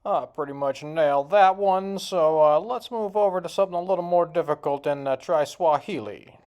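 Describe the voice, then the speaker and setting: A man talks in a relaxed, folksy way, cracking jokes as he chats to the camera. His tone is casual and unpolished, the way a hobby vlogger sounds when testing his own pronunciation. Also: fairly high pitch, moderate pace, clear, resonant tone. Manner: joking, folksy, tries out foreign words. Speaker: video host. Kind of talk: casual vlog commentary.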